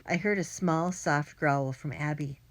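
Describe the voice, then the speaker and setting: A woman narrating a first-person children's audiobook in a lively, plain and clear storytelling manner. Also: sits low, unhurried.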